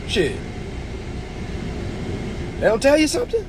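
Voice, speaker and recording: A man's voice: very high voice, wildly swooping pitch, moderate pace, vocal fry, long pauses, a crowd in the background. A man in his twenties hosting a livestream, giving a blunt, profane motivational talk. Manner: blunt, preachy, swearing freely. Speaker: livestream host.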